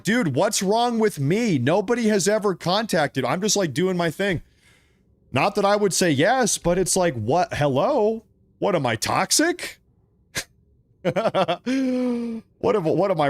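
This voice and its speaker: A man from Oregon with a voice that sits high hosts a live political stream, reading out viewer chat and cracking jokes between animated rants. He laughs often, and the recording is dry and studio quality.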